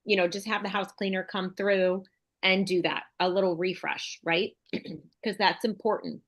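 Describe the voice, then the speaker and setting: With a medium-pitched, fairly bright voice, this middle-aged real estate broker keeps her intonation fairly even and her pace measured. She hosts a casual video call, chatting enthusiastically and thinking out loud.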